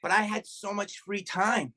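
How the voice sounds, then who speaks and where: A middle-aged man, a comedian and podcast guest, telling profane, animated stories in casual chat and acting out what people said. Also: sits high, unhurried. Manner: profane, animated anecdote telling with acted-out quotes.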